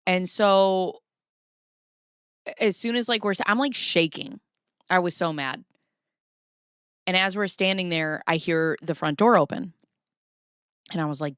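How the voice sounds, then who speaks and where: A woman hosting a podcast, telling a personal story in a casual, animated way, swearing freely and acting out what people said. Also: on the low side, moderate pace, pauses often, clean tone, no room sound, studio quality. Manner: animated, swears freely, acts out quoted lines. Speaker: podcast host.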